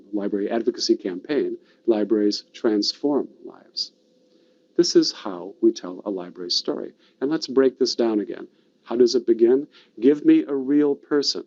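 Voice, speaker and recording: Guy telling a story, lots of pauses and drama, kinda muffled lo-fi sound. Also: medium pitch, a little mellow. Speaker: storytelling presenter. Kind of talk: storytelling talk.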